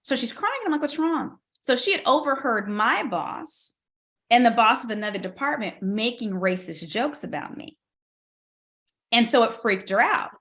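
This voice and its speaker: A woman guest on a podcast interview telling a personal story with lively, animated delivery and acted-out dialogue. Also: on the high side, moderate pace. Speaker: guest, tech strategist and keynote speaker.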